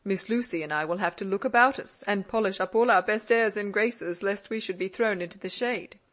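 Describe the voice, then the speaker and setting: In an audiobook, a woman voices an older Scottish father who teases his daughter in an indulgent, gently mocking way. Her mid-range voice is brisk and close to her everyday speaking voice.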